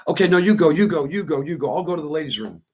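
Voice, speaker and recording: A man's voice: fairly high pitch, animated, racing, a little mellow, husky, pitched above the performer's own voice. A man voicing a flustered woman at a gas station who hurries to get away.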